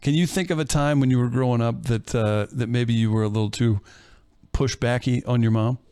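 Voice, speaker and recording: This man has a middle-pitched voice and leads the chat. He keeps the conversation moving by putting questions to the others. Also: fairly even intonation, fairly quick, darkish tone, smooth. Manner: steers the talk with questions. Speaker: talk show host. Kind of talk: casual chat.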